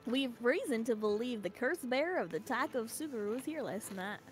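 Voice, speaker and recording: A woman voicing a calm adult male investigator in a game, with an attempted Southern American accent and an earnest drawl. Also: a little high, fairly quick, soft background music, lightly acted. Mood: serious. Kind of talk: voicing a game character on a stream.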